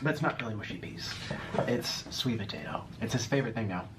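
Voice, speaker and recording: A man's voice: on the low side, big pitch swings, fast. A man chatting through an eating video, cooing and talking baby-talk to a pet. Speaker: mukbang eater. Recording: noisy clip played back.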